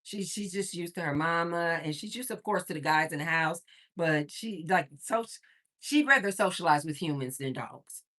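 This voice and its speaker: A woman hosting a casual livestream chats to her viewers with animated storytelling. Her voice sits fairly low but comes across bright and forceful. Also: moderate pace. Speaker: livestream host.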